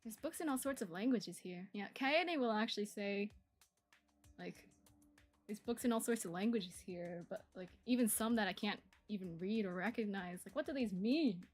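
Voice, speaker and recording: A woman's voice: mid-range voice, moderate pace, faint music behind. Chatty woman giving gameplay commentary. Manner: chatty, rambling asides with fillers and self-corrections. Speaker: game modder playing her own mod.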